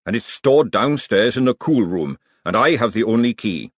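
A man voicing a brisk, no-nonsense young kitchen girl who sounds firm and a little weary. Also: fairly low pitch, expressive, no room sound, studio quality. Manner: firm, weary, matter-of-fact.

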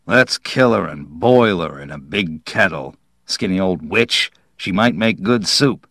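A man's voice: sits low, animated, a little slow, vocal fry, fairly bright tone, no room sound, studio quality, exaggerated voice. A man reading aloud, voicing a blunt, menacing man who speaks curtly and harshly. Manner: curt and harsh.

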